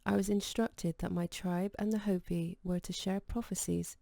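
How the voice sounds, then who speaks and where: A woman reading the lines of a gentle, quietly insistent man in a calm, even voice. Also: lowish voice, normal speed, vocal fry, no room sound, clean studio sound.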